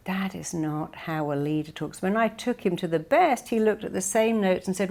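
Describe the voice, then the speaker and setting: A woman's voice: lowish voice, moderate pace, creaky, few pauses. A woman from the UK giving a motivational keynote speech, speaking emphatically and acting out the people she quotes. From United Kingdom. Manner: emphatic, acts out quoted people with lively stresses. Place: conference stage.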